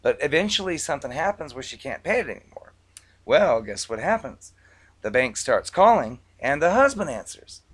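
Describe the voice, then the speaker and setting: A man speaks in a relaxed, chatty vlog monologue, his voice sitting slightly high for a man. He tells stories casually, dropping in filler words as he goes. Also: moderate pace, breathy edge. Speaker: vlogger recounting past collections work.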